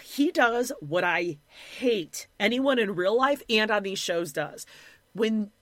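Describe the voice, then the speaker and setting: Blunt, animated woman chatting. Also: mid-range voice, slow, crowd noise. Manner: animated, mimics people in quotes, blunt and profane. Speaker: podcast co-host. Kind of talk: casual chat recapping a reality show.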